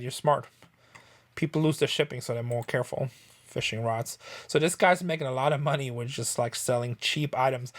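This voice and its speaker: A man from Southern California who hosts a reselling channel, talking in a chatty, rambling, wry way. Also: medium pitch. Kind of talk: casual vlog chat.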